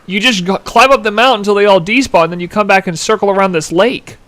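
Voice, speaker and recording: Young man in his twenties, high voice, live game streamer, animated casual chatter, giggly. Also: quick pace. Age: 20s. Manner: animated, giggly, reads chat aloud. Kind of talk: casual gameplay commentary.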